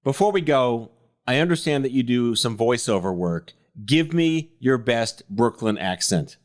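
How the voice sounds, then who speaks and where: A man's voice: mid-range voice, lively intonation, measured pace. A man hosting a podcast interview, upbeat and friendly. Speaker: host. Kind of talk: casual interview chat.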